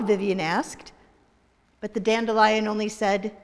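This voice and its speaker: A woman minister telling a story in a worship service, slow and expressive. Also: mid-range voice. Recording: echoey hall.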